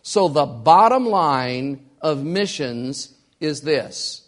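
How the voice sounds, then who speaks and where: In this sermon, a male pastor preaches with emphatic, deliberate delivery and lively intonation. His voice is a little higher than most men's, and he presses hard on key lines, repeating them for weight.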